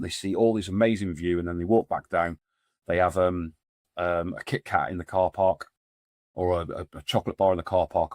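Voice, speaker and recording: A man's voice: low-pitched, darkish tone, no echo, studio quality. A middle-aged man, a podcast guest telling stories in a casual, rambling way full of fillers and restarts. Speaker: podcast guest, men's support group founder. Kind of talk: casual storytelling conversation.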